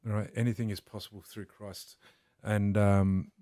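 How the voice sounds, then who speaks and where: A man's voice: on the low side, little pitch movement, measured pace, dark tone, dry recording, studio quality. A man in his forties, a boxer and coach, talking earnestly and motivationally as a podcast guest. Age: 40s. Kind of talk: casual podcast chat.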